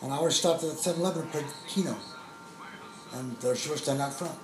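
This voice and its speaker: A man with a fairly high voice tells his memories haltingly and circles back on his words. The recording has a roomy echo, with faint music under it. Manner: halting, repeats words while searching for memories. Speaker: interviewee. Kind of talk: personal recollection.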